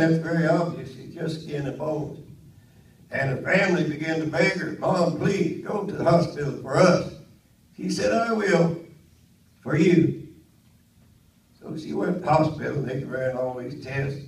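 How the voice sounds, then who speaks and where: An older man preaching a Pentecostal sermon in a church, swinging from quiet storytelling up to loud, high-pitched shouting. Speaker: pastor. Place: church sanctuary. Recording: roomy church audio from a distant mic.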